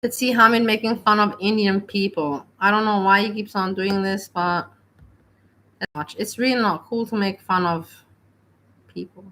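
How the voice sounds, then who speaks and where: Bright-voiced woman reacting to clips. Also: medium pitch, steady tone, normal speed, a little hiss or hum. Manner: earnest, repeats herself. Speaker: livestream host. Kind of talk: casual reaction commentary.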